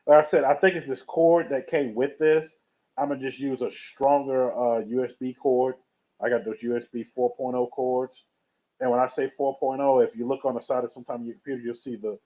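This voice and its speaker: A man live-streaming, telling a rambling story in a casual, chatty way and greeting viewers from the chat. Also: medium pitch. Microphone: webcam or USB streaming setup. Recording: tinny phone-like sound.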